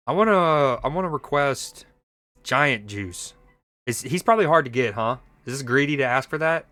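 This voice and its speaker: A man's voice: a little high, animated, moderate pace, sharp tone, no room sound. A young man streaming a mobile game, chatting casually and joking with his viewers as he plays. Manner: playful, jokey, reads chat aloud. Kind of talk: casual gaming stream chat.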